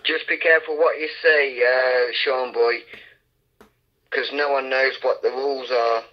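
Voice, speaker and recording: A man with a mid-range voice goads and teases, pausing with frequent hesitations. The audio is muffled and lo-fi. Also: mid-range voice, fairly even intonation. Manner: goading, hesitant with fillers. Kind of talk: push-to-talk voice chat. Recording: dull lo-fi voice app audio.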